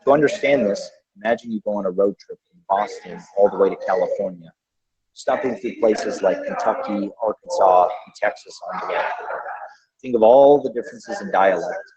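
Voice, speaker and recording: Low-voiced man teaching pronunciation. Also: darkish tone. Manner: careful, deliberate, sounds out each example. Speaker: podcast host. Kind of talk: pronunciation lesson. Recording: dull lo-fi recording.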